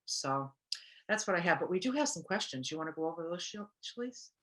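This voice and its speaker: A woman's voice: fairly low pitch, fairly quick. A woman co-hosting a recovery talk show, casually reflecting and telling stories, acting out the voices of people she quotes. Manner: animated storyteller, acts out quotes. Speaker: podcast co-host.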